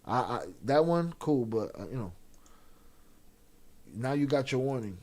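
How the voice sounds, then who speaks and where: A man's voice: mid-range voice, expressive, a little slow, darkish tone. Blunt, profane male streamer. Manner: blunt, profane, talks back to chat. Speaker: live-stream reaction host. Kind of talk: casual live-stream commentary, reading chat aloud.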